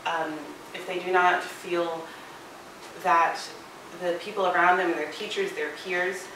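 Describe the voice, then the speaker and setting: A woman's voice: fairly low pitch, little pitch movement, a little slow, noisy background. A young woman giving a casual class presentation, with frequent hesitations. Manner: informal, frequent "um" and "uh". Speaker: student presenter. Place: lecture room. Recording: echoey lecture hall, distant mic.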